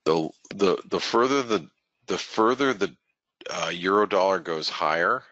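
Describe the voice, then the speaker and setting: A man's voice: low voice, a little slow, a bit bright, no echo, lo-fi sound. A man hosting a webinar, giving casual live market commentary in a rambling way that keeps correcting itself and restarting. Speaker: forex market analyst, webinar host.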